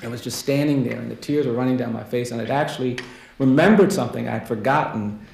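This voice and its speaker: Male keynote speaker with a gravelly voice, earnest and soft-spoken storytelling with repeated refrains, recorded in a roomy lecture hall. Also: medium pitch, quick pace, soft background music. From United States. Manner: quiet, earnest storytelling with rhetorical repetition. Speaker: keynote speaker and death-row lawyer. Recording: roomy hall echo, faint noise.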